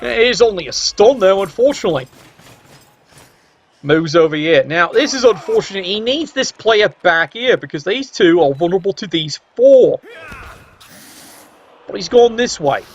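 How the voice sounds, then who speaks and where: A man with a fairly high voice commentates a game play by play, wry and quick to get excited. His tone is sarcastic and casual. The recording sounds dull and lo-fi.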